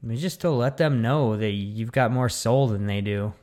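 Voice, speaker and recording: A man's voice: mid-range voice, moderate pace. A man co-hosting a casual comedy podcast, joking, swearing and slipping into goofy impressions. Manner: jokey, swears, jumps into goofy shouted impressions. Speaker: podcast co-host.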